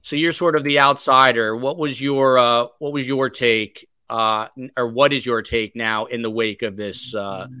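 A man's voice: mid-range voice, fairly even intonation, moderate pace, hardly any pauses, bright, forceful tone, smooth, no echo. A man hosting a podcast livestream, chatting casually and reading viewer comments aloud. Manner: chatty, reads comments aloud, many fillers. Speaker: podcast host.

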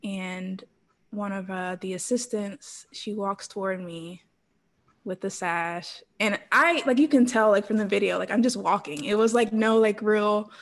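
A woman in her thirties recounts a story in a relaxed interview. She talks in an animated way, laughing often and acting out the quotes of others. Her voice sits at an ordinary middle pitch. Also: unhurried. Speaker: interview guest, former pro cheerleader.

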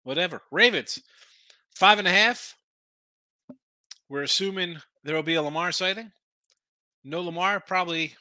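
Brash, bright-voiced betting show host. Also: male voice, on the high side, no echo. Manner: brash, rapid-fire opinions, talks to chat. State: tired, yawning. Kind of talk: live late-night betting picks stream.

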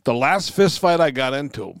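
A man's voice: medium pitch, lively intonation, moderate pace, no room sound. A man co-hosting a podcast, telling brash, profane stories in casual chat. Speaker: podcast co-host.

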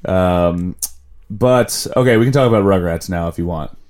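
A man's voice: deep voice, normal speed, darkish tone. A man hosting a casual podcast, talking in a rambling way and often breaking off to restart his sentences. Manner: rambling, self-interrupting. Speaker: podcast host.

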